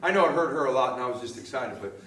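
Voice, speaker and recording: A man preaching a sermon in a relaxed, storytelling way, laughing often and restarting his sentences. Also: mid-range voice, rapid-fire, reverberant, far from the mic, a crowd in the background. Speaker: pastor.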